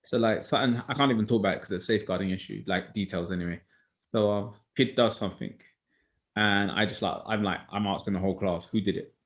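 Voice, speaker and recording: A man, a teacher co-hosting a Bible study discussion, telling stories in a casual, animated way. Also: on the low side, fast. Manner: animated storytelling, acts out others' words.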